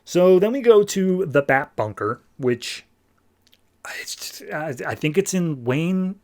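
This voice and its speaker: A man's voice: fairly high pitch, lively intonation, takes it slowly. A man hosting a podcast, recapping a story in a loose, rambling way. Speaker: podcast host. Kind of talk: casual comic recap.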